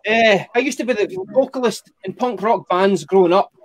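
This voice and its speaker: A young Scottish man working through a stand-up set with a wry, deadpan delivery and plenty of swearing. His voice sits very high for a man, and he spins his stories in an unhurried, dry way. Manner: wry, profane, deadpan storytelling. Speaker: stand-up comedian.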